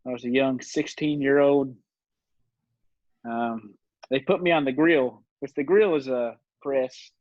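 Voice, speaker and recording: A man's voice: medium pitch, unhurried, darkish tone, dry recording. A man in his twenties, a podcast guest, telling stories in a rambling, casual way, laughing often and using lots of fillers. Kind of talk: casual storytelling chat. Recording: dull, dry lo-fi recording.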